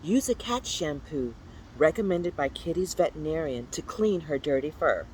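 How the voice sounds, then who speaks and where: A storyteller reads a children's picture book aloud with a playful, animated delivery. The pitch swoops up and down, and now and then jumps into high, squeaky exclamations. Faint noise hums in the background. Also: moderate pace, poor audio.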